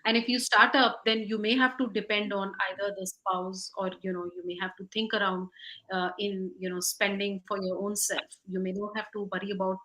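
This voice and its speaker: A woman with an Indian English accent moderates a webinar panel at a mid pitch. She rambles through long questions, full of fillers and restarts. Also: flat delivery, fairly quick, sharp tone, rough recording.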